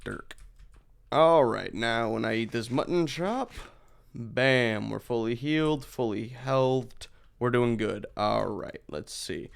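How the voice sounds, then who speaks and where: A man's voice: mid-range voice, slow, gravelly, smooth. A man in his thirties chatting casually as he streams a game, rambling with profane asides.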